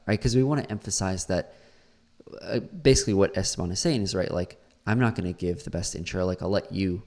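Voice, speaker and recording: Man with a gravelly low voice. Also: a little fast, a little mellow. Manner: repeats words aloud to model pronunciation. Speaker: English teacher. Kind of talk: pronunciation critique of a clip.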